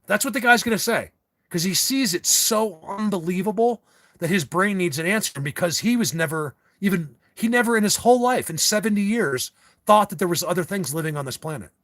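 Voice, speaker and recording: A man's voice: high voice, animated, brisk, fairly bright tone. A man hosting a casual livestream, rambling and ranting to his viewers with frequent restarts. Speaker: livestream host.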